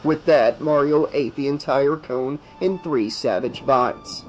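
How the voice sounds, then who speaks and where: A man reading a horror audiobook aloud in a steady, measured storytelling manner. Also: mid-range voice, highs cut off, faint music behind. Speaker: audiobook narrator.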